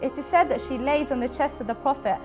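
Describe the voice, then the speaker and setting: A woman's voice: sits high, fast talker. A woman narrating religious history in an earnest, heartfelt way. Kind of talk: documentary narration. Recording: music bed under voice. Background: background music.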